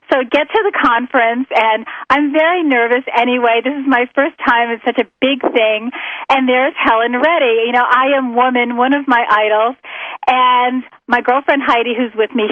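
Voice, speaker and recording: A woman guest author on an interview show, telling stories with animated quotes and frequent laughter. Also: fairly high pitch, no room sound, dull audio. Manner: animated storyteller, laughs often, acts out quotes. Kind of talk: casual interview chat.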